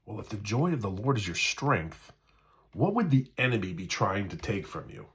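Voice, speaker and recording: A low-pitched man gives a casual spiritual talk. His voice swings widely in pitch as he restarts phrases and checks in with "right?". He acts out quoted inner voices as he goes. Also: wildly swooping pitch, normal speed. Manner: conversational, repeats himself, often asks "right?". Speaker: spiritual speaker.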